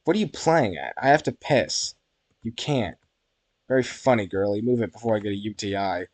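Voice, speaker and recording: A man's voice: lowish voice, lively intonation, normal speed, no echo. A man voicing a bossy, blunt teenage girl. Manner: brusque, teasing, pushy.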